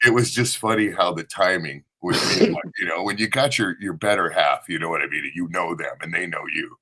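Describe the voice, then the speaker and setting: A man's voice: low voice, brisk, bright, forceful tone. A man from Southern California telling a rambling, profane story with frequent laughs on a casual live podcast panel. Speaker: panel co-host.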